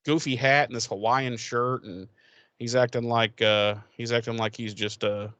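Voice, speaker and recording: A man's voice: mid-range voice, fairly even intonation, normal speed, bright, forceful tone, dry recording, dull audio. A man co-hosting a podcast, casually recapping an episode in a rambling, profane way and acting out the characters' lines. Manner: rambling, profane, laughs often, acts out characters. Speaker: podcast co-host.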